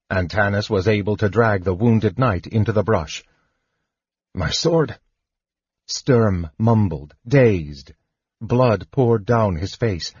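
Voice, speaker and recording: Slow, husky male audiobook narrator. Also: lowish voice, darkish tone, no echo, highs cut off. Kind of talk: scripted narration.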